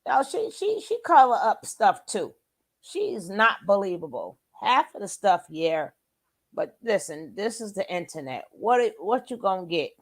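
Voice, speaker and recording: A woman's voice: mid-range voice, big pitch swings, a little slow. Chatty, scoffing woman commentator. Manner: chatty, scoffing, rhetorical questions. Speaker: commentary channel host. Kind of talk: casual reaction commentary.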